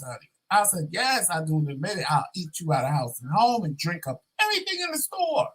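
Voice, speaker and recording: A man's voice: a little high, a little mellow, slightly rough, low-quality recording. A man hosting a vlog, telling a rant story in a sassy, profane, dramatic way and acting out both sides of it. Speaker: vlog host.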